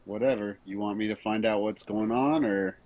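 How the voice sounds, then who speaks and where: A man's voice: on the low side, fairly even intonation, normal speed, dull audio, close to an everyday voice. A man playing a sneering trench-coat investigator. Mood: condescending. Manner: sarcastic, dismissive. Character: rude, condescending male private investigator in trench coat.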